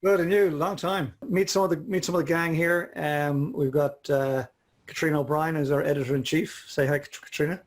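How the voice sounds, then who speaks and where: A man's voice: a little high, steady tone, a little fast. A man hosting a video call, jovial and welcoming as he introduces the guests. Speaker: host. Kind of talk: casual chat on video call.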